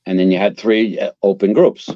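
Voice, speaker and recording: Speaking at a normal speed with a fairly low pitch, a retired fire captain, an older man from Queens, New York, tells blunt and profane stories in an animated way during a casual interview. The recording is dry, dull and lo-fi.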